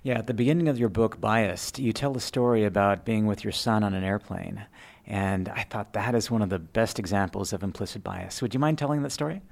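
A man hosting an interview, calmly introducing his guest and asking questions. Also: fairly low pitch, brisk, vocal fry. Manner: calm, reads guest introduction then asks questions. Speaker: interview host.

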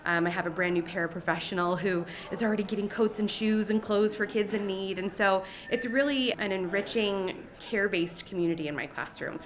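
A woman's voice: medium pitch, a little fast, few pauses, slight background noise. A woman teacher answering interview questions in an earnest, upbeat way. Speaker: regional teacher of the year guest.

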